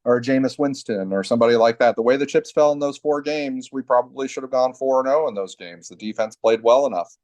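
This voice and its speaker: A man's voice: mid-range voice, quick pace, few pauses, a little mellow, no echo. A man hosting a sports podcast in casual chat, talking in long rambling runs full of fillers and restarts. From New England family.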